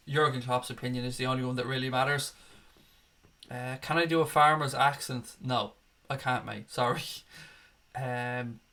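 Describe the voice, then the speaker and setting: A man's voice: mid-range voice, sharp tone. A young man hosting a live fan show, chatting casually as he reads out viewer comments and calls them mate. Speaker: fan channel host. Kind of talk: live stream chat reading viewer comments.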